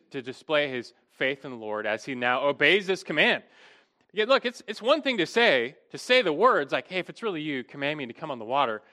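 A man's voice: medium pitch, pushed and bright. A middle-aged man preaching an expository sermon, earnest and emphatic, often restarting his phrases.

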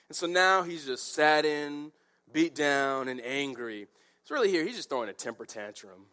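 A male preacher with a fairly high voice, working through a scripture passage. His pitch swings widely as he talks, and he drops into casual asides to make his points. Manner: animated, conversational, with quick asides. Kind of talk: expository sermon.

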